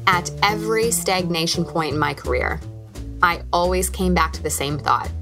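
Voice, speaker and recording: A woman's voice: lowish voice, moderate pace, gravelly, over music. A woman in her thirties, hosting a podcast, telling a candid, reflective personal story. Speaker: podcast host.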